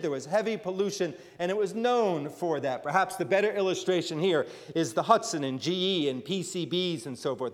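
A man from northern New Jersey giving a sermon, reading scripture and adding conversational asides. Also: a little high. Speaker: preacher. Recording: long reverb of a large hall.

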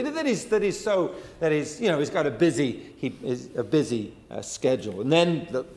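A man's voice: a little high, expressive, normal speed, few pauses, fairly bright tone, in a large hall. A man preaching a sermon in a folksy, conversational storytelling way, with many fillers and restarts. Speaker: pastor.

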